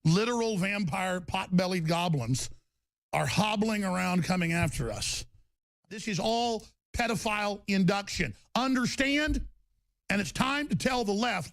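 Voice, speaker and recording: A middle-aged man hosting talk radio, delivering an agitated, shouting rant. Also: sits high, expressive, moderate pace, no echo. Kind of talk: angry on-air rant.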